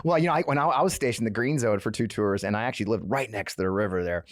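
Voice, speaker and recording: Middle-aged male host, rapid chatty anecdotes, dry close-miked voice. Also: lowish voice, no echo. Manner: fast, chatty storytelling, laughing often. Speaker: podcast host. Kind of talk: casual interview chat.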